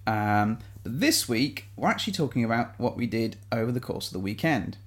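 A man's voice: medium pitch, lively intonation, a little fast. A man from England with an English accent, co-hosting a casual podcast in a playful, jokey way that sometimes bursts into silly voices. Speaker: podcast co-host.

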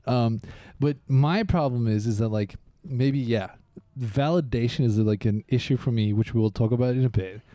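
A man's voice: mid-range voice, normal speed, hardly any pauses, mellow, dry recording. A man who co-hosts a comedy podcast, joking about himself in casual chat. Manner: self-mocking joker who laughs at his own lines.

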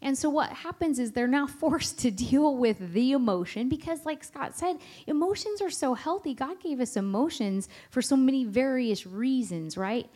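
Mellow woman adding to a talk. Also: high voice, animated, moderate pace, hardly any pauses. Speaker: parenting conference speaker. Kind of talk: conference talk.

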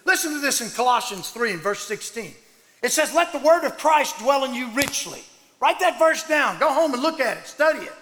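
A man, a pastor preaching a sermon in loud excited bursts that drop low and soft. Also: a little fast. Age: 60s. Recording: long hall reverb.

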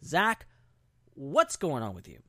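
A man's voice: fairly high pitch, no echo. Male podcast host, playful and jokey, a bouncy voice with a close, dry sound. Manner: animated, playful, quick to laugh. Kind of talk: casual podcast chat.

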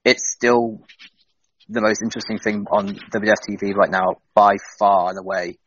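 Low-voiced guy on a podcast, real enthusiastic, dull dry lo-fi audio. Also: fairly even intonation, normal speed, fairly bright tone. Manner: enthusiastic, building energy, laughs easily. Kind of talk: casual retro wrestling podcast chat.

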